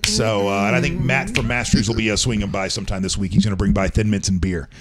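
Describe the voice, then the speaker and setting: A man's voice: fairly low pitch, fast talker, a crowd in the background. A man hosting a casual talk show, chatting loosely with many ums and uhs. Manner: rambling, frequent ums and uhs. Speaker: host. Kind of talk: casual morning show chat.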